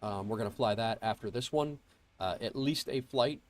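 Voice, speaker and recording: With a lowish voice at normal speed, this man chats casually on his flight sim livestream, greeting viewers. He sounds nasal and congested from a cold and rambles, full of fillers and restarts, on an earbuds mic.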